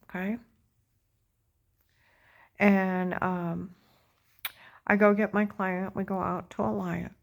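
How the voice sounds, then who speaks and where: A woman's voice: medium pitch, flat delivery, takes it slowly, creaky, long pauses. A woman talking in a rambling, agitated personal monologue, full of fillers and repeated check-ins. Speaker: vlogger.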